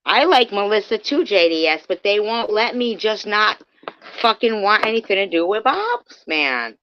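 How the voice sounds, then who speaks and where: A woman ranting profanely on a livestream, swinging from yelling to low muttering, heard through dull lo-fi stream audio. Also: sing-song, moderate pace, no room sound.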